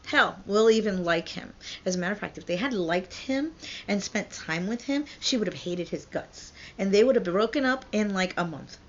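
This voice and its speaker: A woman's voice: medium pitch, animated, normal speed, a little hiss or hum. A woman vlogger and parent retelling a classic story in a blunt, profane, chatty way, in a dull lo-fi recording.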